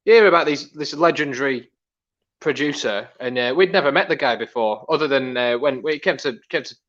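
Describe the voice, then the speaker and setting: A man's voice: mid-range voice, a little fast, a bit bright. Rambling man, dull sound. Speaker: guest musician. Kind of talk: casual chat.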